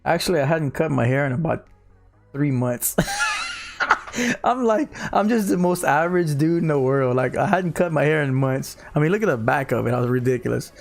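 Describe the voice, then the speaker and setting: His voice sits on the high side, a little fast with vocal fry, and soft music plays behind him. A thirtysomething from South Louisiana with a Cajun accent, he hosts an easygoing home livestream on a studio boom mic, reading viewer comments aloud and saying "y'all" in a drawl.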